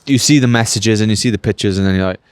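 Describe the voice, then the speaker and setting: A man's voice: on the low side, very fast, clean tone, no echo. A Welsh man in his late thirties, a professional cyclist chatting casually in an interview, rambling with lots of "like" and "mate". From Wales. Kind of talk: casual post-race interview.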